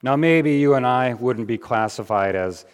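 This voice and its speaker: A pastor giving a conversational sermon, with frequent fillers and restarts. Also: male voice, mid-range voice, lively intonation, moderate pace, smooth, big-room sound.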